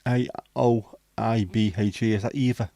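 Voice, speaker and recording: A man with a lowish voice chats on his livestream, reading viewer comments aloud and swearing freely. The sound is dry and close. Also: fairly even intonation, normal speed, creaky, warm tone, dry recording. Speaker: livestream host. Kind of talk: casual livestream chat.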